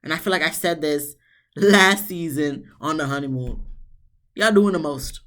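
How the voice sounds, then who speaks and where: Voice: moderate pace, a bit bright. Blunt sassy tv recap host, cusses a lot, voice shoots way up when fed up. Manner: blunt, sassy, swears freely; jumps into high exasperated tones. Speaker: TV show reviewer, channel host. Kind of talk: casual recap commentary.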